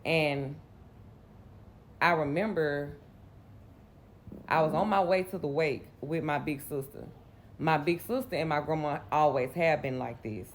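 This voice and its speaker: A woman's voice: deep voice, unhurried, long pauses, slight background noise. Candid Southern woman telling her story. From Mississippi, US. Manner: candid, rambling, conversational. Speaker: vlogger. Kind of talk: personal storytelling.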